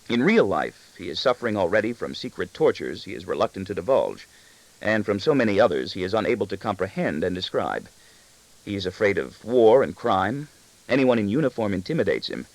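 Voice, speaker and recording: A man narrating a novel aloud in the first person, with an expressive, brooding delivery. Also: lowish voice, low-quality recording. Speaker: audiobook narrator.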